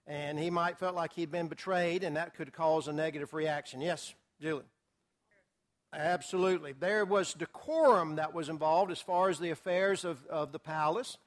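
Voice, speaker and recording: A man leads a Bible study class for a group in a classroom or church hall, speaking casually with filler words and acting out quotes. His voice is a little high and his pace moderate.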